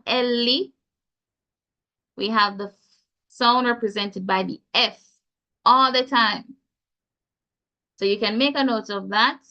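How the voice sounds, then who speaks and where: A woman's voice: a little high, bright, forceful tone. A woman with a Jamaican accent teaching pronunciation in an online class, encouraging and spelling out sounds with care. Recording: dull lo-fi call audio.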